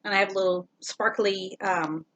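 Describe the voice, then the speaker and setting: A woman's voice: medium pitch, fairly even intonation, normal speed, a bit bright, muffled recording. A woman co-hosting a casual show-and-tell chat, easygoing and rambling with plenty of fillers. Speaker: co-host.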